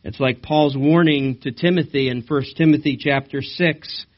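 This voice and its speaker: A man preaching a sermon during a church service, animated and asking the congregation questions. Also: fairly high pitch, normal speed. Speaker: pastor. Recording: slightly dull recording.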